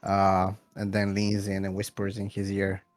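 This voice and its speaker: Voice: deep voice, monotone, a little slow, a little mellow, faint music behind. A player in a tabletop role-playing game, narrating their character's actions in the third person.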